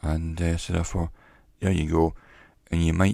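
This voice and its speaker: A man giving an educational talk in a measured, reflective way, pausing often between phrases. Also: sits low, flat delivery, gravelly, dark tone, no echo, clean studio sound. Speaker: teacher. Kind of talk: educational monologue.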